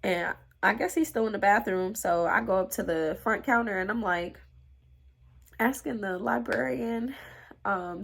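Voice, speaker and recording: Young woman, storytime vlogger, dramatic and chatty, whispers for emphasis, mid-pitched. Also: unhurried, vocal fry. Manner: animated, dramatic, drops to hushed whispers for emphasis; talks straight to viewers, slangy and exasperated. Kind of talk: casual storytelling to viewers.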